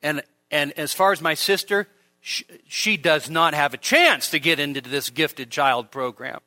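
A male pastor preaching a sermon in a church, animated, with humor and rhetorical questions. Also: on the high side, measured pace, dry recording.

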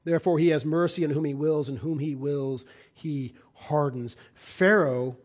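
A man delivers a sermon in a slightly higher voice. He alternates between forceful, emphatic proclamations and hushed, low asides. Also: moderate pace. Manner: emphatic, swings between loud declarations and quiet low asides. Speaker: preacher.

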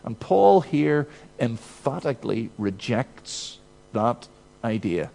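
A male preacher speaks at a slow, deliberate pace in a middle-pitched voice. He teaches with emphatic repetition and asks his listeners rhetorical questions. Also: expressive, darkish tone. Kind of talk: expository sermon.

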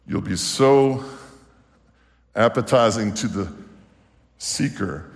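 A male preacher giving a sermon, animated and fervent, swinging from hushed storytelling to exclamations. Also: fairly low pitch. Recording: long hall reverb.

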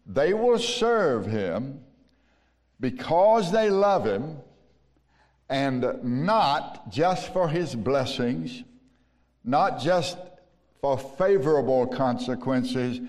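A man with a Southern US accent preaching a sermon as pastor, slow and emphatic with long pauses. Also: mid-range voice, animated, darkish tone. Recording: long reverb of a large hall.

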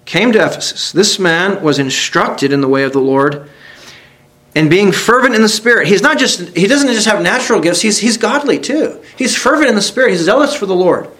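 A man delivers a sermon, reading scripture aloud and putting direct questions to the congregation. His voice is high and animated at a normal speed, earnest as it builds to emphatic peaks and then falls quiet.

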